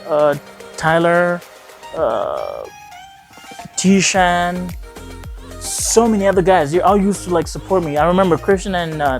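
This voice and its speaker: A man's voice: sits high, sing-song, a little slow, pauses often, faint music behind. Rambling young man telling a story. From Afghanistan. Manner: rambling, acts out quoted dialogue, frequent "he like". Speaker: vlogger. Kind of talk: casual storytelling vlog.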